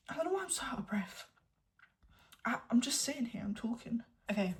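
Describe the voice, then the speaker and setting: A young woman in her late teens with an English accent, chatting candidly to camera at home, at times dropping to a hushed whisper. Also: medium pitch. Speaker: vlogger. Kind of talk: casual chat to camera.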